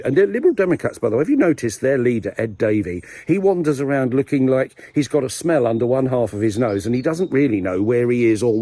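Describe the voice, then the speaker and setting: A man with a husky, slightly breathy voice rambles through a mock-serious monologue. His pitch rises and falls in a lively way as he slips in playful asides. He is talking to camera outdoors. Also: no room sound. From England. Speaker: video blogger host. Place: outdoors in a village graveyard.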